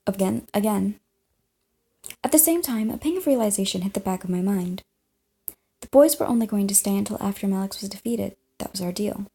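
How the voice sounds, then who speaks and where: Brief: young woman gamer, giggly game reader, gravelly and husky with a dark, mellow tone. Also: medium pitch, fairly quick. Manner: giggly, stumbling over words, chewing gum. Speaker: let's play gamer. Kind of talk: reading a visual novel aloud.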